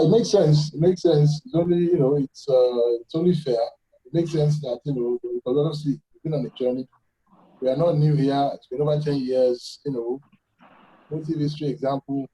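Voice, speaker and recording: A man with a husky voice, talking in a relaxed, agreeable way on a video call. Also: medium pitch, normal speed, low-quality recording. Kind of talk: casual chat on a video call.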